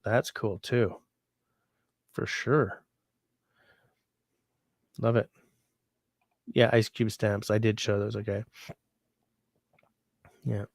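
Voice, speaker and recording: A man's voice: fairly low pitch, takes it slowly, gravelly, long pauses, dry recording, clean studio sound. Rambling sick man on a livestream. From Canada. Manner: rambling, relaxed, reads viewer comments aloud. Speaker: livestream host. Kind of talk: casual livestream chat.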